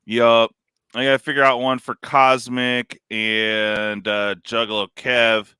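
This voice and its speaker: Dude streamer rambling away, bright clear voice, dry close sound, lots of "like". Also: male voice, medium pitch, level tone, slow pace, no echo. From California. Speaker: stream host. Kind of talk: casual live-stream chat.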